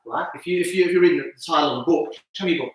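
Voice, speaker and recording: A man's voice: fairly high pitch, racing, very echoey, recorded from a distance, rough recording. A man explaining on-camera video tips as an interview guest, acting out reactions with gasps and laughs. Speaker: video campaign founder, guest.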